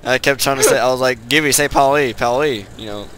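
A man hosting casual gameplay commentary with a friend, excitable and swearing a lot, often breaking into yelling. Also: medium pitch, fairly quick, a little hiss or hum. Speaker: gaming channel host.

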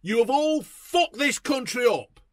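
A man's voice: very high voice, lively intonation, unhurried, no echo. A man giving a furious, sweary political rant, mocking and fuming as he talks. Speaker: political vlogger. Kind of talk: profane ranting commentary.

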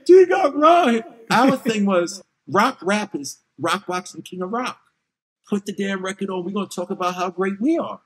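A man's voice: high-pitched, moderate pace. A middle-aged man as an interview guest, telling stories animatedly and acting out what others said. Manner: animated, acts out quotes in voices. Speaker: guest, veteran rapper. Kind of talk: casual interview storytelling.

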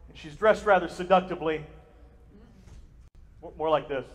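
A man preaching a sermon as pastor to a live congregation, energetic and joking, and speaking straight to the people in front of him. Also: a little high, moderate pace, big-room sound, background noise. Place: church sanctuary with a live congregation.

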